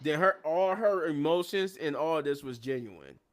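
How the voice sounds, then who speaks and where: Man, live show host, casual recap, animated storytelling, somewhat high-pitched. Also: moderate pace. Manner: animated retelling, acting out quotes.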